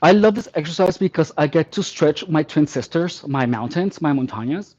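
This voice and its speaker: A man with a somewhat high voice leads a workout with tongue-in-cheek instruction, counting reps and praising himself in a mock-delicate way. The recording sounds dull and lo-fi. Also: moderate pace, a little mellow, husky. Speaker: fitness trainer.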